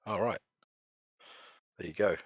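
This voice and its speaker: A man hosts a live-streamed voice call with a fairly low voice. He rambles and jokes, reading out chat comments as he goes. The sound is dry and close, with no room around him. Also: unhurried, husky, dry recording, dull audio. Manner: jokey, rambling, reads chat comments aloud.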